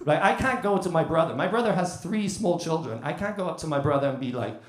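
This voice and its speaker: A man's voice: fairly high pitch, expressive, fast, few pauses, echoey room. A man in his thirties from the UK doing a chatty stand-up comedy set with crowd work. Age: 30s. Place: comedy club stage.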